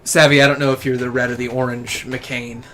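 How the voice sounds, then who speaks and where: A game streamer host from Tennessee speaks in a medium-pitched, level, fairly bright voice with a Southern US accent. Running a casual live gameplay stream, he rambles, chats and jokes with his co-players.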